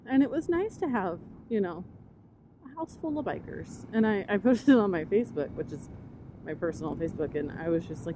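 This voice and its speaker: Excitable woman vlogging from a motorcycle. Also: medium pitch, fairly quick, low-quality recording. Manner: excitable, rambling, easily distracted. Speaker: motovlogger. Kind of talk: casual motovlog while riding. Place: outdoors on a motorcycle. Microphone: helmet-mounted camera mic. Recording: wind and engine noise. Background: road and vehicle noise.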